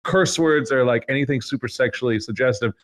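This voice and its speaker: A man's voice: mid-range voice, a little fast. A young man co-hosting a podcast in casual chat, rambling with lots of filler words. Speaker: podcast co-host.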